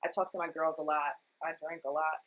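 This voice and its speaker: A woman's voice: low-pitched, level tone, a little fast, a bit bright, rough recording. A woman guest on a podcast, candidly telling a personal story with feeling and acting out her past self in quotes. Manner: emotional, confessional storytelling. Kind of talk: candid casual chat.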